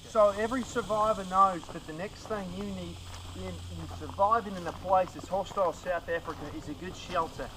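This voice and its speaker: Young male comic host, high voice, overblown earnest survival-show patter, faint insect hum outdoors. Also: bright, forceful tone, recorded from a distance, rough recording. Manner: over-earnest, fake-dramatic enthusiasm about silly gear. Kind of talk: mock-serious comedy survival presenting.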